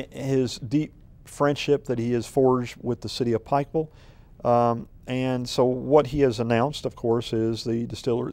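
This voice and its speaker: A man's voice: mid-range voice, warm tone. A man speaking as a city manager in a conversational interview, telling stories in a rambling, folksy way full of ums and restarts. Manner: rambling, filler-heavy, folksy storytelling.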